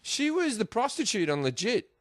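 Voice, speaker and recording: A man's voice: high voice, big pitch swings, moderate pace, no room sound. A man telling profane, laughing anecdotes in casual chat, acting out the voices of the people in them. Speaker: guest comedian. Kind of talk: animated storytelling chat.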